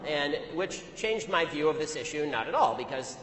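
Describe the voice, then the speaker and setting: A man delivering an anecdotal, argumentative speech to an audience, telling his story rapidly. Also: fairly high pitch, lively intonation, very noisy. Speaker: public speaker. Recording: echoey hall, long reverb.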